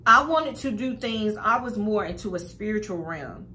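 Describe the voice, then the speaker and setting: A woman's voice: mid-range voice, expressive, normal speed, bright, forceful tone, slight background noise. A young woman telling a personal story to her viewers in a blunt, profane, casual way, often calling them y'all. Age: young adult. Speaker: spiritual vlogger.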